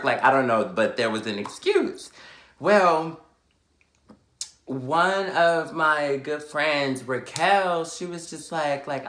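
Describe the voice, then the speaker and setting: A man's voice: mid-range voice, unhurried. Sassy young man telling a story in an echoey room. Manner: sassy, animated, dramatic retelling with swearing. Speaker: vlogger. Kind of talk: casual storytelling. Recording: echoey room, faint background noise.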